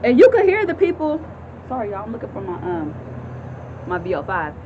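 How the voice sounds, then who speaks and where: A woman in her thirties casually telling a story to her viewers, animated and chatty, acting out voices and often laughing. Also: medium pitch, a little fast, narrow, tinny audio, a little hiss or hum. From California. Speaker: vlogger telling a personal story. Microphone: phone camera.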